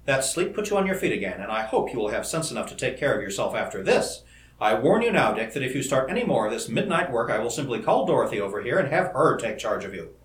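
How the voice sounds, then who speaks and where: Cautious male colleague, man reading, steady and measured, echoey recording. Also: medium pitch, natural voice. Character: calm, cautious male scientist friend. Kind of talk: audiobook character reading. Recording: roomy echo.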